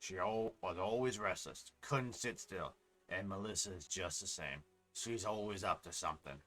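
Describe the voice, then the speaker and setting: A man's voice: low-pitched, normal speed, pushed and bright, faint music behind. A man voicing a friendly middle-aged village fisherman, talking in a plain, homely way. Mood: warm.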